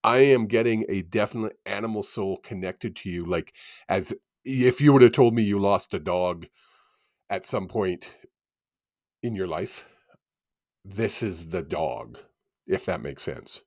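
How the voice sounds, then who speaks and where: A man hosting a casual channeling session on a video call, animated and laughing often. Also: deep voice, no room sound, clean studio sound. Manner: animated, laughs often, quick bursts of excitement. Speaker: psychic medium host.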